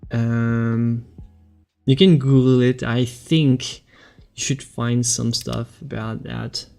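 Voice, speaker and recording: Male painter, slow, unhurried delivery, hesitant think-aloud chat on a live stream. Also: mid-range voice, flat delivery, vocal fry, darkish tone, faint music behind. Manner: thinks aloud, halting, chatting with viewers.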